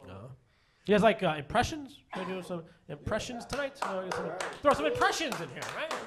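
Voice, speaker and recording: High, lively-voiced stand-up comedian man. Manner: self-deprecating, halting with fillers and restarts. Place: comedy stage before a live audience.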